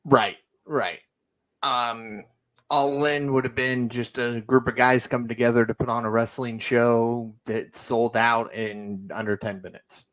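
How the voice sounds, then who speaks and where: A man's voice: mid-range voice, fairly even intonation, measured pace, fairly bright tone, dry recording, rough recording. A man co-hosting a wrestling podcast, easygoing and joking around in casual chat. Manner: jokey, easygoing. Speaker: podcast co-host.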